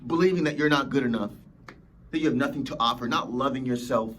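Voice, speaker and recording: A man's voice: mid-range voice, fast talker, fairly bright tone, a little hiss or hum. A man hosting a motivational podcast, preaching emphatically and acting out whiny complainers. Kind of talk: motivational talk.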